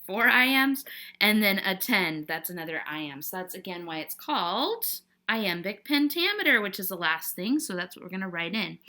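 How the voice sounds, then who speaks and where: A woman's voice: mid-range voice, big pitch swings, unhurried, pushed and bright. A woman teacher walking a class through a poetry worksheet, patiently checking understanding with frequent "okay?"s. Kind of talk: classroom lesson walkthrough.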